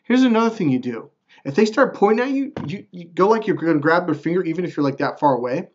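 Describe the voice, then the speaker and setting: Guy talking straight to camera about self-help stuff, kinda high voice, acts out what people said, dull lo-fi sound. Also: fast talker, a little hiss or hum. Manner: animated, acts out quotes in a raised voice. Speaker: self-help video host. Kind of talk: casual direct-to-camera talk.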